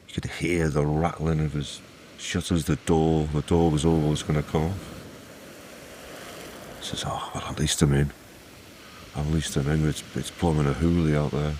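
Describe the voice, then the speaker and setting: Very deep-voiced storyteller. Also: male voice, a little mellow, slight background noise. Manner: leisurely, repeating phrases, conversational asides. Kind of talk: oral folk-tale storytelling.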